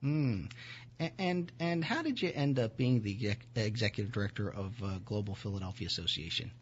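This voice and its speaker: A man hosting a talk show, talking casually and halting often with fillers and restarts. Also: fairly low pitch, expressive, lo-fi sound, slight background noise.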